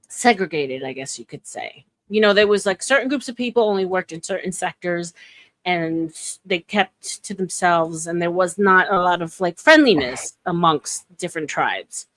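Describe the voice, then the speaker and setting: A woman's voice: lowish voice, very animated, normal speed, fairly bright tone, no room sound. A woman in her forties from New York hosting a casual live chat, talking in a chatty way with many restarts. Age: 40s. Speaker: livestream host. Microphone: phone.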